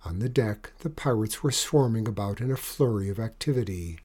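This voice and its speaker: Mellow-voiced man reading a story aloud. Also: mid-range voice, breathy edge. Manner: expressive, animated story reading. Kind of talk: storybook read-aloud narration.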